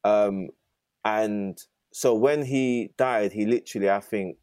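Earnest young man, low warm voice. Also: slow pace, no room sound, studio quality. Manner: earnest, with many fillers. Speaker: podcast guest. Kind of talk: reflective conversation.

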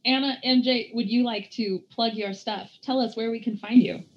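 A woman's voice: fairly high pitch, fairly even intonation, moderate pace, husky, dull audio. A woman hosting a book podcast who chats casually and laughs easily. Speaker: podcast host. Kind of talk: casual chat.

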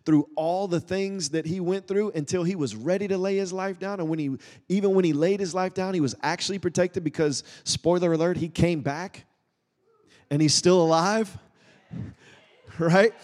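A man's voice: fairly high pitch, darkish tone. A man preaching a sermon as a guest speaker, in a folksy, conversational way that keeps saying "y'all", recorded in a church. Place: church sanctuary. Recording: long reverb in a large hall.

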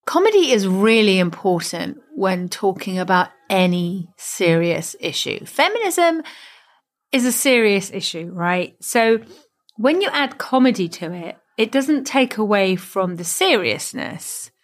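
A woman comedian, a bit tipsy, giving a reflective and heartfelt recorded message with warm laughs. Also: mid-range voice, very animated, measured pace.

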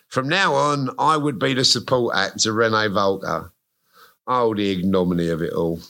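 A man's voice: on the low side, sharp tone. A man, reading his memoir aloud to a live audience on stage, with a wry, self-mocking comic delivery. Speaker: guest author. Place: live music venue stage.

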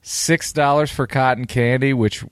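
A man's voice: medium pitch, fairly even intonation, measured pace, smooth, no room sound, clean studio sound. A man co-hosting a casual podcast chat, blunt and swearing freely. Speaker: podcast co-host.

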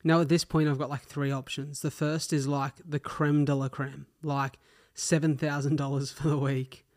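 A man's voice: on the high side, little pitch movement, moderate pace, darkish tone. An Australian man hosting a solo podcast, telling stories in a chatty, slangy way and swearing casually. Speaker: podcast host.

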